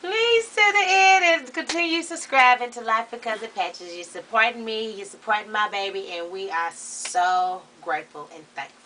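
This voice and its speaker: A man's voice: normal speed, few pauses, bright, forceful tone, far from the mic, a little hiss or hum. Cousin Patches, a man doing a sassy churchgoing lady. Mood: chatty. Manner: chatty, dramatic, rising to shrill outbursts. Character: sassy, gossipy middle-aged Baptist woman. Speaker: comedy character show host. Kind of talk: character comedy monologue to camera.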